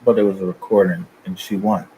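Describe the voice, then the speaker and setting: Low-voiced man ranting casually. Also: flat delivery, fairly quick, mellow, slight background noise, rough recording. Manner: loose, profane, confrontational. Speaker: channel host. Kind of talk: casual rant to viewers.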